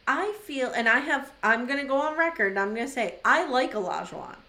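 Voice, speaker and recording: A woman's voice: high-pitched, lively intonation, a little fast, bright, forceful tone. A woman co-hosting a podcast, giving her opinion in thoughtful, emphatic casual chat and often restarting to find her words. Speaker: podcast co-host. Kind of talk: casual chat recapping a TV episode. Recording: roomy echo.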